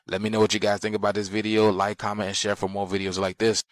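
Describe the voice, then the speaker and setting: Low-voiced man insisting viewers look. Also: completely flat delivery, fast talker, dry recording. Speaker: conspiracy video creator.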